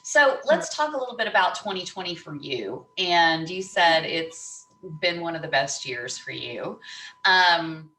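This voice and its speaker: Low-voiced woman host, roomy and distant. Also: lively intonation, unhurried. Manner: warm listener, frequent short affirmations. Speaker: podcast host. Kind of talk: casual interview. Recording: roomy sound, distant from the mic.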